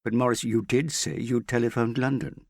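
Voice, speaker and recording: A man's voice: medium pitch, flat delivery, moderate pace, creaky, no room sound, clean studio sound, pitched above the performer's own voice. A man voicing an anxious young woman who confronts a man she suspects of lying, pleading and insistent, her voice rising and breaking. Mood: accusing.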